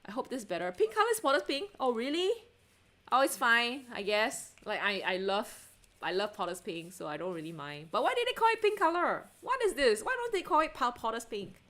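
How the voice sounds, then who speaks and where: Giggly excitable woman livestreaming. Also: a little high, brisk. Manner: chatty and excitable, lots of self-interruptions and giggles; asks viewers to check things, answers chat. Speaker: artist livestream host. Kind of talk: casual livestream chat.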